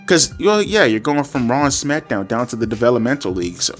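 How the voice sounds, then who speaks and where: Male vlogger, mid-pitched, rambling and self-correcting, casual swearing; quiet music bed. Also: big pitch swings, a little fast. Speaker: wrestling commentary YouTuber. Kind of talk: casual opinion rant. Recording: faint instrumental music underneath.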